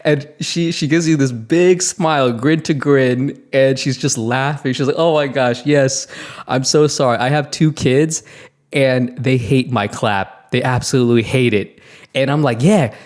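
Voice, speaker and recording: A man's medium-pitched voice moves a little slowly as he, a podcast co-host, tells a story in casual talk. Animated and laughing, he acts out what the people in it said.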